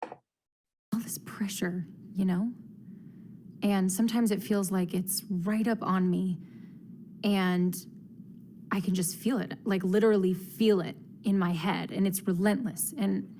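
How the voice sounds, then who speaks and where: A frustrated young woman in a short comedy clip, venting to her partner. Her voice is soft and breathy, with halting sentences, sitting at an ordinary middle pitch. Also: steady tone, slight background noise. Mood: anxious.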